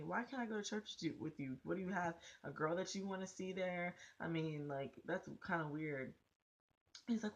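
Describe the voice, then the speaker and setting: A young woman vlogger with a strikingly low voice recounts a personal story directly to her camera, talking fairly quickly. Her telling is casual, blunt, full of profanity, and kept lively throughout.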